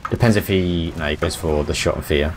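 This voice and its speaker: A low-voiced man breaks down the plays as esports co-caster, thinking aloud in a loose, casual way. A faint hum sits under his headset mic. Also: brisk. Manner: casual analytical, frequent "like" and restarts. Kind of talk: color commentary.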